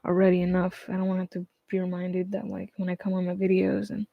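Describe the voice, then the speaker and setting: A man chatting casually on a livestream, rambling and hesitant with lots of fillers, restarts and casual swearing, often trailing off quietly. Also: high-pitched, monotone, fast talker, creaky, no echo, lo-fi sound.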